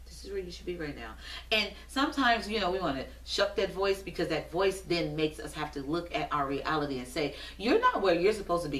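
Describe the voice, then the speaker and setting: A woman hosting a motivational show, giving a preachy, rhythmic pep talk to the viewers. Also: fairly low pitch. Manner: preachy, repetitive, rhythmic exhortation. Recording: roomy echo, distant from mic.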